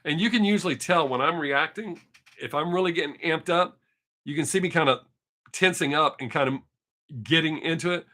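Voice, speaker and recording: A man's voice: a little high, brisk, sharp tone. A man who hosts music reaction videos, talking casually and bluntly to his viewers. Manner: candid and blunt, speaks his mind. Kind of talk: casual chat to camera.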